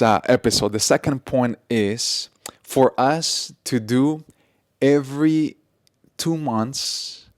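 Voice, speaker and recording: A man's voice: medium pitch, no room sound, studio quality. A man co-hosting a casual podcast conversation, earnest, laughing easily and repeating his points. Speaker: podcast co-host.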